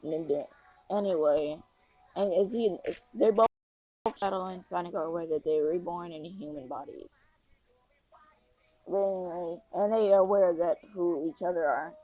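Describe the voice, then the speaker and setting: Woman storyteller, casual and rambling, low husky voice over faint music. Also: normal speed, no room sound, muffled recording. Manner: rambling, filler-heavy, restarts often. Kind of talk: casual improvised fan story.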